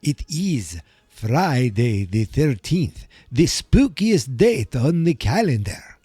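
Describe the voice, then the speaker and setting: A man doing a theatrical male vampire with a stereotypical European vampire accent, in a slow, drawn-out, spooky delivery. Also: mid-range voice, sing-song, mellow, husky, no room sound, clean studio sound, exaggerated voice. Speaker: podcast host.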